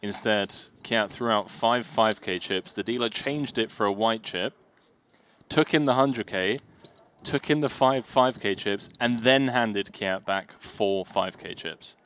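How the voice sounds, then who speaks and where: A man commentating a live poker tournament in a chatty, amused way, quick to react to what happens at the table. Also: lowish voice, fairly bright tone, a little hiss or hum.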